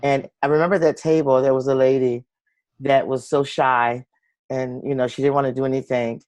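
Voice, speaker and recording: A woman's voice: very deep voice, level tone, normal speed, darkish tone, dry recording. A woman hosting an interview, encouraging her guest with small affirmations and sharing her own story in a casual way.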